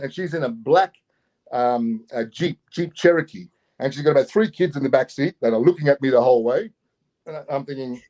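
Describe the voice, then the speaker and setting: A middle-aged Australian man from Queensland, telling a story as an interview guest in a casual, lively way and acting out the people in it. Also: medium pitch, highs cut off. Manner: animated, laughing, acts out the people in his story.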